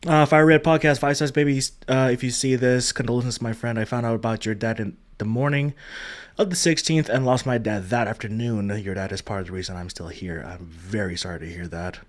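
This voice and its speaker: A man hosting a casual memorial livestream, greeting viewers in chat one by one, with frequent ums and uhs and a soft, heartfelt manner. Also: on the low side. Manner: trails off with many ums and uhs. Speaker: livestream host.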